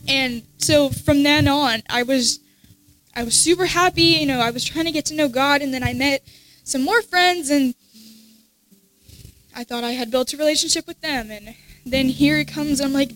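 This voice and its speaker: A teenage girl giving an emotional personal testimony at church, halting and restarting often, soft at times. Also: high voice, fairly even intonation, poor audio. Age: teens.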